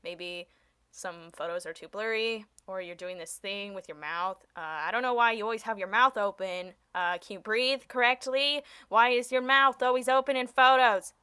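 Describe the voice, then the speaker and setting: A young woman doing a self-mocking comedic monologue in a deadpan way. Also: mid-range voice, moderate pace, clear, resonant tone, no echo.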